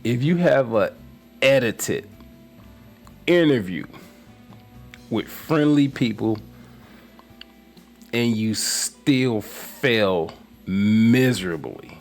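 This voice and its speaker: A man hosting political commentary, ranting with scorn and swinging between low mutters and loud outbursts. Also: animated, drawn-out words, long pauses, faint music behind.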